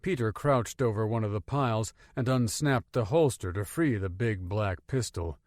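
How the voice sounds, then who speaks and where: A man narrating an audiobook in an expressive storytelling manner, close to the mic. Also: on the low side, normal speed, hardly any pauses, no echo. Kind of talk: scripted narration.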